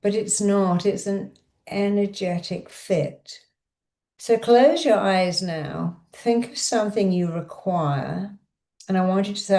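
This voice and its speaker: A woman leading a guided affirmation and hypnosis session, giving repetitive directive instructions that slow into a soothing countdown. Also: mid-range voice, dark tone. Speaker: self-help speaker and hypnotherapist.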